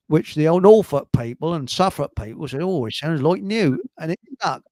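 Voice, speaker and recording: A man's voice: fairly high pitch, lively intonation, a little fast, hardly any pauses, a little mellow, no echo. A man hosting a casual livestream, reading out viewer comments and laughing at his own crude jokes. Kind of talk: casual chat.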